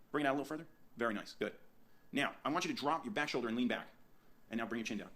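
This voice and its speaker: A man teaching portrait posing in his photo studio, directing a subject with energetic, repetitive coaching. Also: mid-range voice. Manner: rapid, energetic coaching with frequent restarts and repeats.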